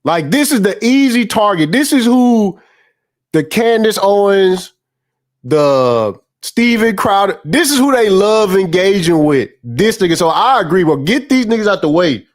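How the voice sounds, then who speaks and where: A man's voice: sits high, big pitch swings, a little slow. A young man hosting a casual panel, reacting to a clip with incredulous, mocking, profane commentary. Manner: incredulous, mocking, rants in repeated phrases. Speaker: host reacting to a protest clip.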